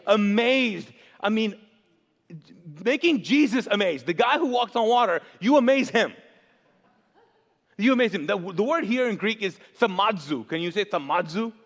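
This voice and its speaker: A pastor preaching a sermon in a church, animated and jokey, often asking the audience to fill in words. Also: male voice, sits high, normal speed. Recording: long church reverb.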